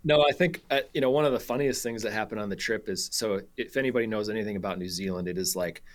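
A man's voice: lowish voice, quick pace. An American man, a podcast guest, telling a story casually, laughing often and restarting sentences.

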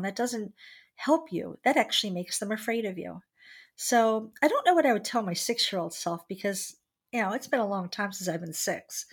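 Middle-aged woman in an interview, candid and reflective, just telling her story straight. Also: mid-range voice.

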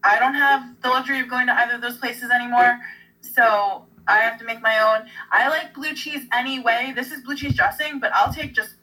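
A chatty woman telling stories in a casual chat. Her voice is high and bright, and it sounds a little far from the mic. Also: brisk. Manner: chatty, storytelling.

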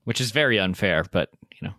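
A man's voice: on the low side, expressive, fast talker, bright, forceful tone, no echo. A man guesting on a podcast in casual chat, adding dry, wry jokes.

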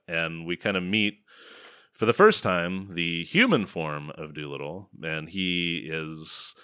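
A man co-hosting a casual film-review podcast, sarcastic and quick to laugh, his sentences trailing off quietly at times. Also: sits low, clean tone, dry recording, studio quality. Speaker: podcast co-host.

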